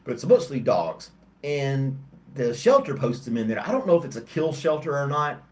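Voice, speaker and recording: A man's voice: medium pitch, very animated, normal speed, a little mellow. A man hosting a casual livestream chat, tired and yawning, talking in a rambling, hesitant way with many ums and restarts. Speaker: host of a livestream chat show. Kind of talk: casual chat with live chat viewers.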